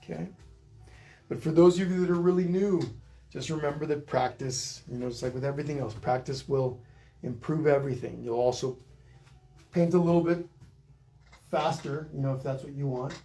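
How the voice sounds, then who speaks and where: A middle-aged painting instructor leads a live online class in a relaxed, chatty manner, pausing to greet viewers by reading their comments. His voice is a little higher than most men's, and he speaks at normal speed with long pauses.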